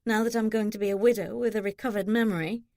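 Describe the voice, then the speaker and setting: A woman's voice: medium pitch, steady tone, quick pace, darkish tone, dry recording, clean studio sound, natural voice. A woman reading an audiobook, voicing a young widow who talks in a playful, coy manner.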